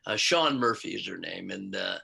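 Gravelly, bright-toned older man. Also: low voice, animated, normal speed. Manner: rambling, laughs often, trailing asides. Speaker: actor and musician guest. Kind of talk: casual interview chat.

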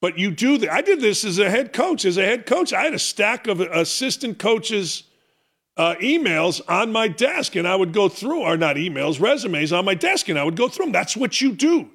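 A middle-aged man hosts a sports talk show with a high voice that leaps all over the place. He rants through an opinionated monologue, pokes fun at himself and keeps pressing rhetorical questions. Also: normal speed. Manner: animated, self-mocking, hammering rhetorical questions.

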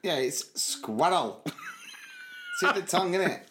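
A man's voice: high voice, wildly swooping pitch, slow, sharp tone, slight background noise. A man co-hosting a podcast, chatting casually in a jokey way. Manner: jokey, breaks into sung jingles. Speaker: podcast co-host. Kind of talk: casual chat.

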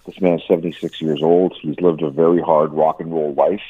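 Brief: deep, husky-voiced male music commentator calling in by phone, tinny line, animated, stammers. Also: a little fast, no room sound. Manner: stammering, repeats words, animated. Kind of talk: phone-in radio interview. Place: lives in Canada.

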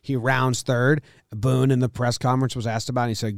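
A man with a middle-pitched voice co-hosts a sports podcast. He is dry and sarcastic, and he riffs on the same joke over and over. The sound is close and dry, with no room echo. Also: little pitch movement, brisk, gravelly. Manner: dry, sarcastic, repeats jokes. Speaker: podcast co-host. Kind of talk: casual sports chat with ad reads.

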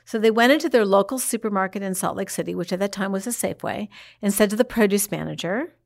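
Animated woman telling a story. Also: mid-range voice, fast talker, gravelly. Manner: animated, acts out quoted speech. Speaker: interviewee telling her mother's story. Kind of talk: casual storytelling.

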